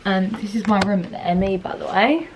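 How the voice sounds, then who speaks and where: A woman's voice: medium pitch, brisk, far from the mic, noisy background. Young woman, casual vlog chat, rambling with lots of "like", roomy sound, a little off-mic. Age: 20s. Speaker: vlogger and brand owner. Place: hotel room.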